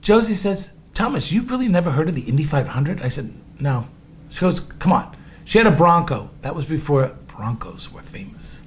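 Middle-aged man, lively storyteller who acts out his characters, slightly higher voice. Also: moderate pace, a little hiss or hum. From Cape Cod, Massachusetts. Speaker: host telling a personal story. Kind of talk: casual storytelling monologue.

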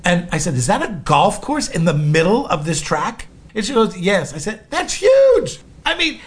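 A middle-aged man from Cape Cod, telling a personal story in a casual monologue and acting out the other people's voices. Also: high-pitched. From Cape Cod, Massachusetts. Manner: animated, acts out voices and sounds in his story.

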